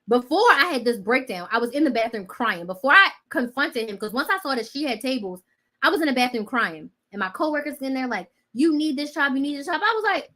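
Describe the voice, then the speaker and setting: A woman hosting a casual chat, telling a personal story in a dramatic way that swings between loud outbursts and quiet asides. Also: sits high, lively intonation, fast. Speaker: host.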